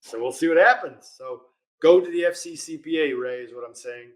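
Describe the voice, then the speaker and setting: A man's voice: a little high, fairly quick. A man hosting a live question-and-answer stream, reading viewer questions aloud in a casual, chatty way and laughing often. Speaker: host of a live legal Q&A stream.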